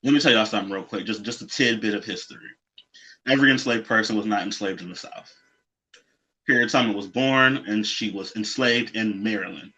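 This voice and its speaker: This drag show co-host has a fairly low pitch and a sharp tone, speaking a little fast. He chats casually but emphatically, slipping in lecturing history asides and laughing along, all on dull, lo-fi audio.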